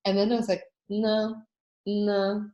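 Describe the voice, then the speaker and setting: A woman hosting a coaching workshop, telling anecdotes in a casual, animated way and acting out the voices she quotes. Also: medium pitch, slow pace, echoey room, highs cut off.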